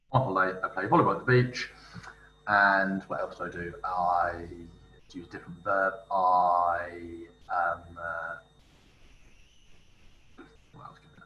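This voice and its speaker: A man talks through a writing exercise, thinking aloud and reading out foreign phrases slowly and carefully. His voice is bright and forceful, set a bit low. He sits a little back from the mic in a roomy space with faint noise underneath. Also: distant mic. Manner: thinks aloud while typing, reads French phrases slowly. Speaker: language teacher. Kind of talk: screen-recorded tutorial.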